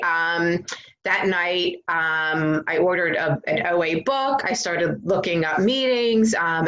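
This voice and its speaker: A woman as an interview guest, candidly retelling her recovery story in an earnest, animated way with frequent fillers. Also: lowish voice, lo-fi sound. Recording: echoey room.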